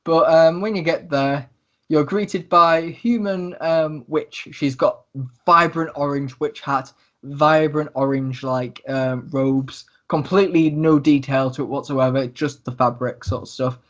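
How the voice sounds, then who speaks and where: A man's voice: a little high, steady tone, a little slow, lo-fi sound. Man narrating a tabletop game. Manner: hesitant, many ums and likes. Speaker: game master.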